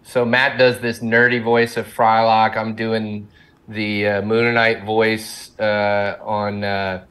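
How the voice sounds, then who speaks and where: رجل يتحدث بأسلوب متقطع ويضحك كثيراً. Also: male voice, lowish voice, level tone, takes it slowly, a bit bright. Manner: rambling, self-deprecating, laughs often. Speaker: guest, animation co-creator. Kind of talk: casual interview chat.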